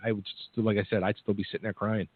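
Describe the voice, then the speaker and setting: A man hosting a casual radio interview, speaking in a halting, sympathetic way with many restarts. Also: fairly low pitch, little pitch movement, slight background noise. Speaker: host. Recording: thin phone-like sound.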